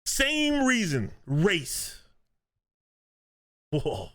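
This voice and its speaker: Lively, high-voiced ranting man. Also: drawn-out words. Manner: animated ranting, laughing often. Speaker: podcast co-host. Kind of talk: casual podcast chat. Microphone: video podcast mic.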